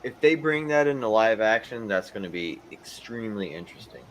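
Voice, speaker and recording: A man's voice: fairly low pitch, expressive, a little fast, a little hiss or hum, low-quality recording. A man giving blunt opinions in a casual livestream chat. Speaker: guest on a livestream.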